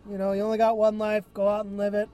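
A man's voice: high-pitched, completely flat delivery, quick pace, mellow, clear, resonant tone. Casual male vlog host in a car, loose and rambling, faint music behind. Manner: laid-back, full of fillers and laughs. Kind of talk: rambling comedic monologue.

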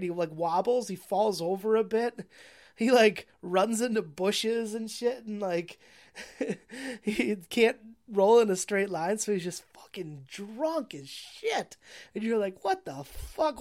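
A woman's voice: mid-range voice, animated, measured pace, a little mellow. Young woman, casual movie recap: rambling, sweary, laughing a lot. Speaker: movie reviewer.

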